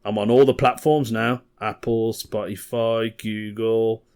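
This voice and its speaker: Chuckling comedian rambling. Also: male voice, on the low side, steady tone, a little slow, darkish tone, smooth. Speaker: comedian and podcast host. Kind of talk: casual comedy podcast monologue.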